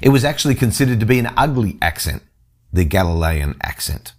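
A man's voice: fairly low pitch, very animated, a little fast. A man reading a scripture passage and then explaining it in an earnest teaching style, often restarting his sentences. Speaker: Bible teacher.

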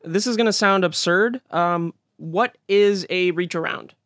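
High-voiced young man, halting podcast host. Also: fairly bright tone, no room sound, clean studio sound. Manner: hesitant, halting phrasing. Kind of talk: casual podcast chat.

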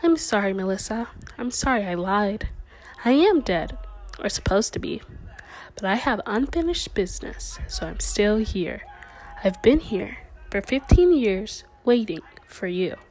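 A woman voicing a calm, sinister ghost girl in a soft, hushed way in a spoken story. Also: mid-range voice, unhurried, natural voice, rough recording. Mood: apologetic.

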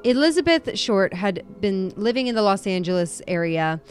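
A woman's voice: mid-range voice, sing-song, moderate pace, soft background music. A woman co-hosting a casual true-crime podcast, chatty and self-deprecating, laughing often. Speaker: podcast co-host.

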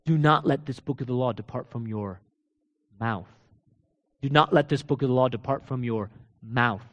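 A man preaching a sermon, asking rhetorical questions and swinging between loud proclaiming and low, quiet emphasis, with casual asides to his listeners. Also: normal speed, highs cut off. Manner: laughs and talks casually to the congregation.

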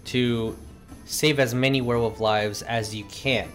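Give me a slow, halting male game master recapping a session over faint music. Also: medium pitch, steady tone, fairly bright tone. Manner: slow, halting narration with many pauses.

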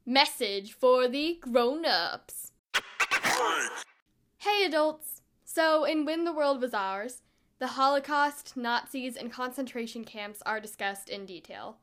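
A woman hosts her own book-review show with bright, expressive enthusiasm. Her voice sits higher than most. She reads a passage aloud and then talks it over.

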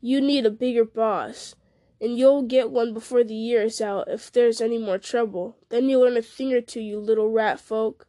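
A woman's voice: fairly high pitch, steady tone, normal speed, mellow, dry recording, studio quality, close to an everyday voice. A woman voicing a bullying, sneering male ruffian in a story she reads aloud. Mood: menacing. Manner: sneering, threatening.

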